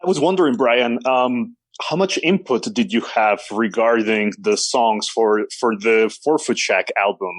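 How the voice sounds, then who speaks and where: Dry, measured male interviewer. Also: mid-range voice, no echo. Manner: measured, careful questioning. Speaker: podcast co-host. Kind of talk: interview questions.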